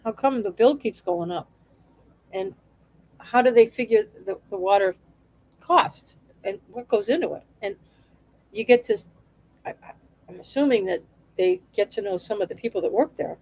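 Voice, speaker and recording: A woman's voice: mid-range voice, animated, normal speed, pauses often, a little mellow, rough recording. A woman vlogger giving casual, wry commentary on local town politics, chatty and sarcastic with many restarts.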